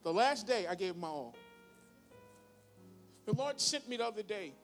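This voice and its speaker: Male pastor, 50s, high voice, sermon delivery with sudden loud peaks over faint music. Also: lively intonation, normal speed. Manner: preaching with sudden loud high bursts and quiet asides.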